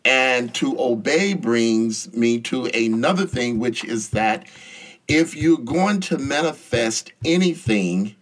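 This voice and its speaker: A man speaking casually about faith, animated as he acts out both sides of a conversation. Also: medium pitch, slow pace. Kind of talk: casual spiritual talk.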